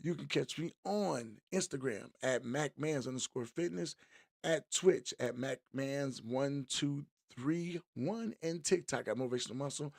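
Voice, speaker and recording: A man's voice: medium pitch, a little slow, creaky, darkish tone, no room sound, studio quality. A middle-aged man hosting a live-streamed podcast, opening the show in an upbeat, chatty way and greeting viewers by name. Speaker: podcast host.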